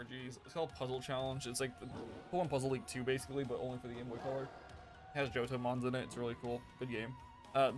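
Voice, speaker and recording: A man's voice: mid-range voice, a bit bright. Rambling male gaming streamer. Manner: rambling, many fillers and restarts, jokey with chat. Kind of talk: casual live-stream chat.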